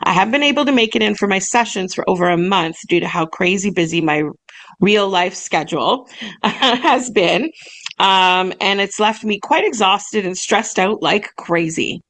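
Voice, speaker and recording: A woman's voice: medium pitch, normal speed, a bit bright. Young woman, podcast co-host, casual and giggly, gets choked up easily. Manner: bubbly, laughs often, gets choked up. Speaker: podcast co-host, massage business owner. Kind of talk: casual chat, reading emails aloud.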